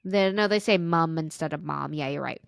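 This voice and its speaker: A woman's voice: sits low, a little fast, gravelly, dry recording, clean studio sound. A woman podcast co-host reading a listener's story aloud, with small stumbles and restarts.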